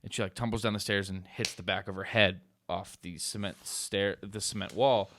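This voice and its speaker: A man co-hosting a podcast, chatting casually and telling stories with animated, swearing energy. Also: fairly low pitch, moderate pace, noisy background. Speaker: podcast co-host. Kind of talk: casual chat.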